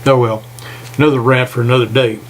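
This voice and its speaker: An older man giving a folksy, indignant political rant, pausing to read stumblingly from notes. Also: medium pitch, steady tone, slight background noise, low-quality recording. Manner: folksy, reads haltingly, indignant. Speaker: political commentator. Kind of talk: opinion rant to camera.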